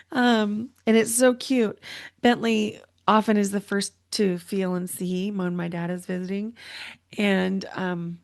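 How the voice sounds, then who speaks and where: A middle-aged woman talks straight to her listeners in an earnest, emotional monologue. She circles back and repeats points for emphasis. Her voice sits at an ordinary pitch and sounds dry and close to the mic. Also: darkish tone, no room sound. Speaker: podcast host and intuitive coach. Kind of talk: personal reflective monologue.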